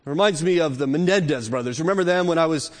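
A fairly high-voiced man preaches a sermon in a church, and his voice rings out with a long echo off the walls. He builds to loud, emphatic peaks, then drops low and slows down for his asides. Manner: acts out quoted excuses in a muttering voice. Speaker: pastor. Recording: long reverb of a large hall.

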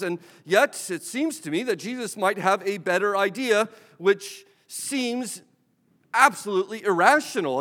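A man's voice: sits high, a bit bright, in a large hall. A man preaching a sermon in a conversational, humorous way, acting out bits of dialogue.

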